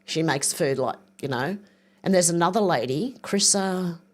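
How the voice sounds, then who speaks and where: An older woman chats on her livestream in a loose, rambling way. She reads viewer comments aloud and thinks out loud while she clicks around. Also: on the low side, moderate pace. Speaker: livestream host. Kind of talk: casual livestream chat reading viewer comments.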